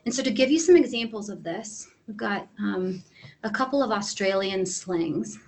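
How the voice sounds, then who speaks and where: A woman teaching a class in a relaxed, friendly way, with frequent pauses and filler words. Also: mid-range voice, over music, poor audio. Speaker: instructor. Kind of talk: classroom lecture.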